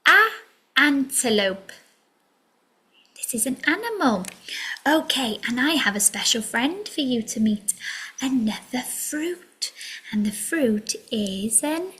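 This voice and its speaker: A woman's voice: fairly high pitch, lively intonation, takes it slowly, bright, forceful tone, husky. A woman teaching a children's phonics lesson in a sing-song way, drawing out letter sounds and slipping into whispered asides.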